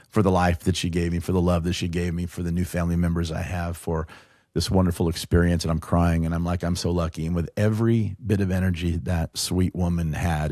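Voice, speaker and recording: A middle-aged man, a podcast guest, tells an emotional personal story in conversation, earnest and halting, often restarting his sentences. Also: low-pitched, darkish tone, no echo, clean studio sound. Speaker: podcast guest, show producer.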